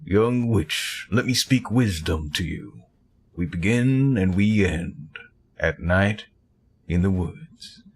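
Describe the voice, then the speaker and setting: A man's voice: deep voice, animated, a little hiss or hum. A man voicing a costumed man posing as a forest god, speaking in a solemn, archaic way with a Southern US accent. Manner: slow, grave pronouncements. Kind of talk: reading game dialogue aloud.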